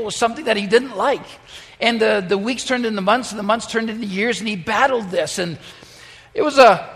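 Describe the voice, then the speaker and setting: A pastor preaching a sermon and telling a story, with frequent fillers and restarts, in a church sanctuary. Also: male voice, sits high, creaky, a bit bright. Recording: long church reverb.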